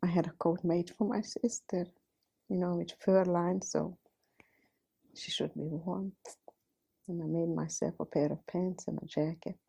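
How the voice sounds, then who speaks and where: A woman's voice: on the low side, fairly even intonation, a little slow, creaky, pauses often, dark tone, slightly rough. A woman in her fifties from Hungary, telling her life story in a plain, direct way and often repeating "I says". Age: 50s. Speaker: Holocaust survivor giving testimony. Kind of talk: recounting personal testimony.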